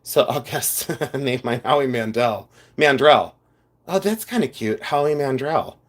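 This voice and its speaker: A man's voice: mid-range voice, expressive, unhurried. A man hosting a casual live stream from his home studio, chatting to viewers in a scattered, rambling way. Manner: chatty, scattered, talks to chat while rummaging around. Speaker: livestream host, silversmith.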